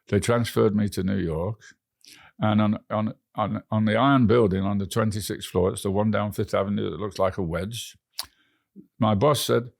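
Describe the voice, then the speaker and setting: An English-accented man with a lowish, dark voice and some vocal fry tells rambling travel anecdotes as an interview guest, frequently restarting his words. The recording is dry and of studio quality.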